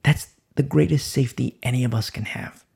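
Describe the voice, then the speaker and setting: A man preaches a sermon in an emphatic, repetitive style, posing rhetorical questions and swinging from loud emphasis down to a hush. His voice is medium-pitched, gravelly, and husky, and he speaks fairly quickly.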